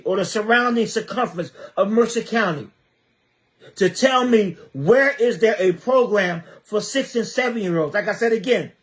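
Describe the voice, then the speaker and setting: A high-pitched man from New Jersey speaks straight to his viewers in an impassioned livestream monologue. He hammers his points home by repeating rhetorical questions again and again, with a community advocate's urgency. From Trenton area, New Jersey.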